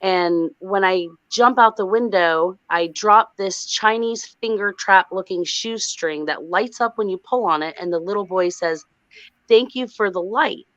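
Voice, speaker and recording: A woman recounting a frightening dream as a guest on a livestream, animated and breathless. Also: medium pitch, measured pace, few pauses, no room sound. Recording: dull lo-fi sound.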